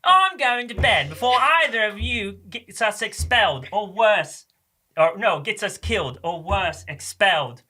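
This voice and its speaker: A man's voice: high voice, sing-song, measured pace, pushed and bright, soft background music, full character voice. A man playing a fussy, bossy young schoolgirl witch in a put-on English accent, as a jokey impression of a film line. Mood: scolding.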